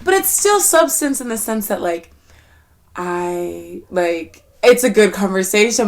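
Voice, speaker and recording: A young woman talks to herself in a loose, rambling vlog monologue. She is candid and unfiltered, full of "like" fillers and casual swearing. Her pitch sits in the middle, and she slips to a near-whisper when she turns reflective. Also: very animated, normal speed, heavy background noise. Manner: rambling and candid, swearing often, with frequent "like" fillers and sudden laughs. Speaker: vlogger.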